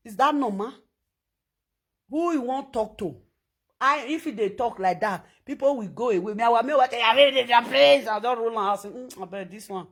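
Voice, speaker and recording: A woman speaking in a Nigerian Pidgin accent, ranting loudly and scolding on social media. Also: on the high side. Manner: animated, loud and scolding, switching between pidgin and English.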